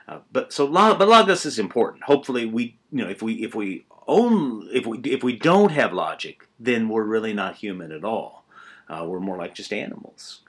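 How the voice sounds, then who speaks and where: An older man teaching a college writing class in a relaxed, conversational way, telling stories with many asides and restarts. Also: fairly low pitch, normal speed, slightly rough. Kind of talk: informal recorded lecture.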